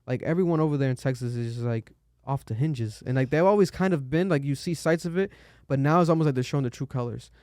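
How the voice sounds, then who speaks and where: A young man hosting a casual podcast chat, animated and swearing freely, his voice jumping up when he is exasperated. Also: mid-range voice, quick pace, hardly any pauses, no room sound, studio quality. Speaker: podcast host.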